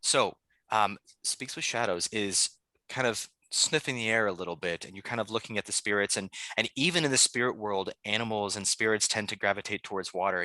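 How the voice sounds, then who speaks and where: A man's voice: on the low side, sharp tone, no room sound, studio quality. A man running a tabletop game as game master, talking in a loose, rambling way with many fillers.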